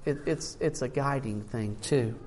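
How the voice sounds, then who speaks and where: A man's voice: mid-range voice, measured pace, darkish tone. An older man preaching a sermon, emotional and tired, reading scripture aloud with rising emphasis. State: tired from little sleep.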